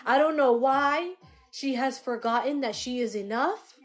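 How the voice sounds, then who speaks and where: A woman's voice: high-pitched, unhurried. A woman voicing an older grandfather's spirit, talking in a blunt, fatherly way. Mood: fond. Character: blunt, joking, protective old grandfather spirit.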